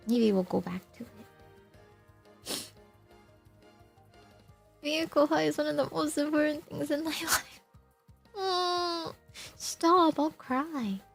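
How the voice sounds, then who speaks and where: A young woman streaming, chatting softly and emotionally with viewers, laughing often while crying. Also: sits high, creaky. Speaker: VTuber streamer. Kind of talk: casual chat with viewers.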